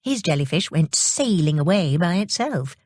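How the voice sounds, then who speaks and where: A woman reading children's stories aloud in a slow, expressive storytelling manner. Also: on the low side, no room sound, clean studio sound. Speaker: audiobook reader.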